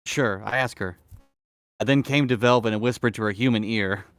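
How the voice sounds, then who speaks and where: A man's voice: on the low side, normal speed, fairly bright tone, no echo. A man streaming with a close mic, reading a fan fiction aloud in a mock-dramatic way and cutting in with sardonic jokes. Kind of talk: comedic dramatic reading with commentary.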